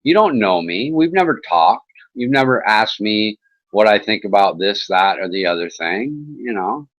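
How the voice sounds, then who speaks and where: A man's voice: fairly low pitch, big pitch swings, normal speed, a bit bright, rough recording. A man hosting an internet talk show, chatting in a casual, rambling way with mocking sarcasm and swearing.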